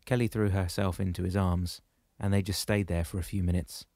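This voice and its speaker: Guy reading an audiobook, lowish voice, steady, dry close mic. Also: no echo. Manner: steady, measured storytelling. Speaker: audiobook narrator. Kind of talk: scripted narration.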